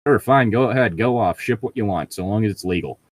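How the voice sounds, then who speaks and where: A man's voice: fairly low pitch, fast talker, no room sound. A man chatting loosely and laughing often as he co-hosts a casual podcast, reading a book aloud with friends.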